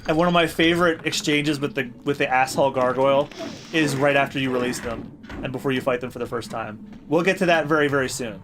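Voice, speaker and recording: A man's voice: mid-range voice, fast, noisy background. A man hosting a let's play, giving casual, joking and sarcastic gameplay commentary. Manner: joking, sarcastic, swears freely.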